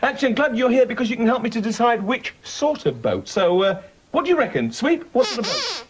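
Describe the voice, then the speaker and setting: Cheery high-voiced children's TV presenter man. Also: big pitch swings, brisk, breathy edge. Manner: cheery, chatty, playfully teasing. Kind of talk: scripted talk to puppets.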